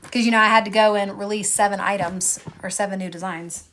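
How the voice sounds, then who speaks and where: A tired young woman hosts a casual livestream selling stickers and stationery, rambling chattily, laughing often and addressing viewers by name. Her mid-range voice is flat, quick and a bit bright, with slight background noise.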